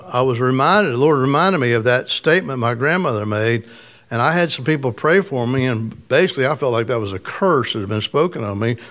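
A middle-aged man with a slightly raspy voice, preaching a conversational sermon and telling a personal story. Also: medium pitch, fairly bright tone. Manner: conversational, storytelling, asks congregation questions. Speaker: pastor.

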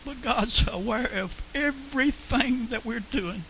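A man's voice: extremely high pitch, unhurried, creaky, bright, forceful tone, a little hiss or hum, poor audio. A man telling his personal faith testimony in an earnest way, repeating phrases for emphasis. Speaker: Christian testimony speaker.

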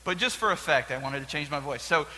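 A young man leads a casual Bible lesson for a group, chatty and animated, with plenty of jokes. His voice sits high and very bright. A long hall reverb follows his words. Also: quick pace. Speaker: youth pastor.

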